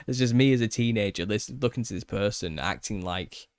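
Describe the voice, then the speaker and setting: A content creator in his thirties rants passionately on camera about his opinions, alone, repeating himself and restarting sentences as he gets worked up. His voice is lowish, smooth, and a bit fast, with no echo.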